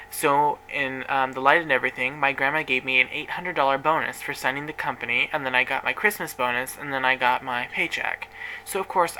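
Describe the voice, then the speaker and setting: A man's voice: medium pitch, pushed and bright, a little hiss or hum, poor audio. A young man vlogging, telling a personal story in a chatty, dramatic way and swearing freely. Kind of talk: casual storytelling to camera.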